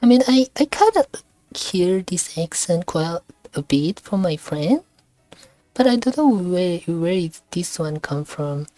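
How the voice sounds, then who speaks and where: Low, mellow woman. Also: big pitch swings, no echo. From Indonesia. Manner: halting, repeats words while searching for them. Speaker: streamer reacting to a video. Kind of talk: casual reaction commentary.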